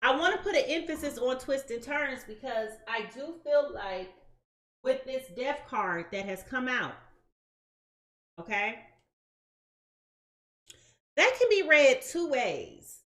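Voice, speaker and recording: A woman's voice: high voice, a bit bright, roomy sound. A woman giving a casual live-stream tarot reading, chatty and slangy, talking straight to her viewers. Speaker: tarot reader.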